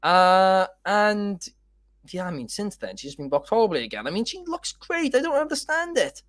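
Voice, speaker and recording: A man's voice: high-pitched, big pitch swings, normal speed, fairly bright tone, dry recording. A man hosting a casual wrestling chat, opinionated and rambling with many fillers. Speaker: podcast host.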